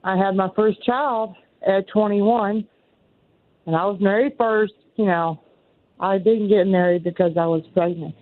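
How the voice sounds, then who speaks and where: This caller, a woman in her sixties with a Southern accent, rambles earnestly through her story on a call-in radio show, often repeating herself. Her mid-range voice has fairly even intonation and a measured pace, coming through a tinny telephone line with no echo.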